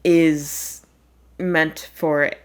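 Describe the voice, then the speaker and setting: A woman's voice: low-pitched, little pitch movement, extremely slow. A young woman chats loosely as host of an advice show. She jokes around and drifts into silly accents, then pulls herself back to the topic. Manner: playful, slips into put-on accents. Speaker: podcast host. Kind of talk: casual chat.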